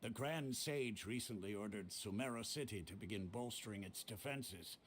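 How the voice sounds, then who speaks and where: An actor voicing a composed male leader in a video game, calm and explanatory. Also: on the low side, moderate pace, a little hiss or hum, lightly acted. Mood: briefing.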